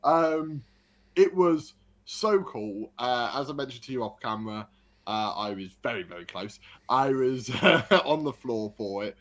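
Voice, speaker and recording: A man, a podcast co-host telling an excited story in casual chat. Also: medium pitch, unhurried. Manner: excited storytelling, animated retelling.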